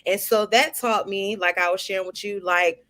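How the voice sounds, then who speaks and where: A woman tells her own story in relaxed conversation. She talks in an animated way, laughs easily and fills her sentences with "like.". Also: medium pitch, normal speed. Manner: animated, laughing, heavy "like" filler. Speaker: guest sharing her story. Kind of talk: casual heartfelt conversation.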